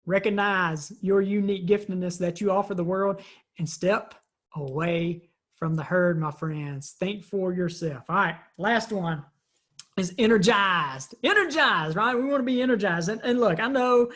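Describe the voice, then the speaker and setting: A woman's voice: mid-range voice, unhurried. A woman who is a parent of three, giving an earnest, conversational motivational talk full of storytelling. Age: parent of three kids. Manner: earnest, conversational, acts out voices in stories. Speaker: leadership speaker.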